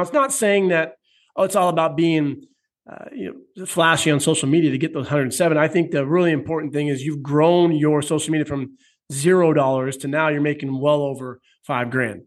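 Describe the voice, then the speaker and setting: American male coach-host, casual and profane, fairly high voice. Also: fairly quick. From United States. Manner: loose, profane, animated storytelling. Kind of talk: casual interview chat.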